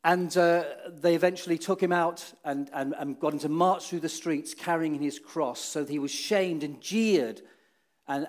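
A preacher with a slightly raised voice leads a children's talk in a church hall. He tells the story haltingly, with many restarts and hesitations, rising dramatically at big moments and dropping low and quiet for solemn ones.

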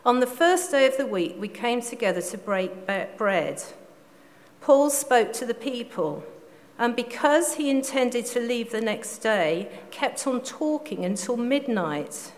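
A woman reading scripture aloud in a steady, measured way, now and then stumbling and restarting a word. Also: fairly high pitch. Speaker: scripture reader. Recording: long reverb, faint background noise.

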